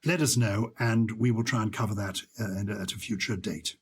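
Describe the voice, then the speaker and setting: A man's voice: fairly low pitch, steady tone, normal speed, breathy edge. A man co-hosting a podcast, chatting playfully and telling anecdotes. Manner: playful, storytelling, acts out quoted lines. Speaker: podcast co-host. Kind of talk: casual chat.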